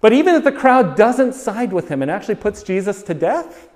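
A man's voice: sits high, big pitch swings, fairly quick, darkish tone, big-room sound. A man preaching a sermon, driving his points home with repeated phrases and rhetorical questions. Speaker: pastor.

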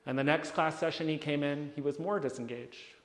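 A man's voice: a little high, fairly quick. Man telling stories in a reverberant hall. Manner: animated, acts out the people in his stories. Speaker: speaker addressing an audience. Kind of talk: storytelling talk to a live audience.

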